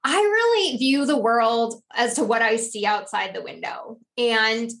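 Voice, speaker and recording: A middle-aged woman from New Jersey, a guest on a podcast, chatting casually and acting out quoted dialogue with lively jumps in pitch. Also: unhurried. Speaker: podcast guest, author and life coach. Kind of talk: casual conversational interview.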